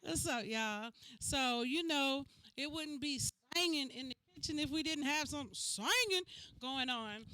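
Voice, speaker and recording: A woman's voice: sits high, pushed and bright, slight background noise. A woman hosting a live cooking and singing show as its singing coach, chatting casually and calling the audience y'all.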